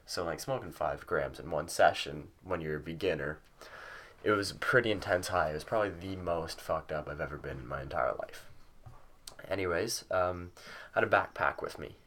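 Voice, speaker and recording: Low-voiced young man rambling through a story. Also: normal speed, a bit bright. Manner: rambling, swears a lot, many fillers. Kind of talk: casual storytelling vlog. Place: at home with a cat nearby.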